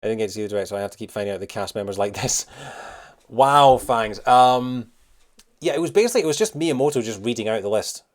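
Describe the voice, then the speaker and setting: A man's voice: fairly low pitch, lively intonation, fast talker. A man live-streaming, chatting casually and rambling with many fillers as he answers his chat. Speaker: streamer reacting to news.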